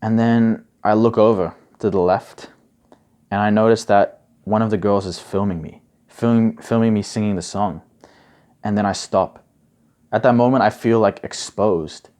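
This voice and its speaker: A man's voice: on the low side, steady tone, normal speed, darkish tone. A young man giving casual advice as a coach, chatty and full of "like" and "bro". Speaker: study coach.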